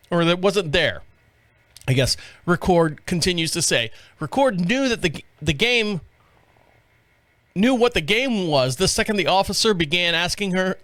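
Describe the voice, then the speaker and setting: A man's voice: sits high, a bit bright, no room sound. A man hosting a talk podcast in a small studio, rambling and chatty as he reads stories, often tripping over names. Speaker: podcast host. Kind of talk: casual talk show monologue. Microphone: studio mic on a stand.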